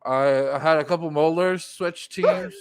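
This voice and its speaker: A man's voice: a little high, measured pace, smooth, dry recording. A man on a radio show whose face is numb after dental work, so his speech comes out slurred, stammering and self-mocking.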